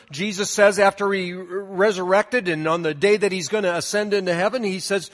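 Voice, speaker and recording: High-voiced pastor in a reverberant church. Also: male voice, bright, forceful tone. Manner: conversational storytelling with asides. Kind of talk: sermon with scripture reading. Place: church sanctuary.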